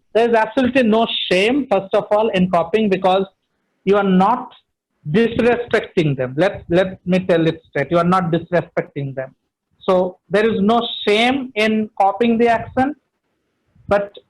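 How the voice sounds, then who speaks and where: A man's voice: sits high, poor audio. A man, speaking as a trainer in an online session from home, emphatic and repeating phrases for stress.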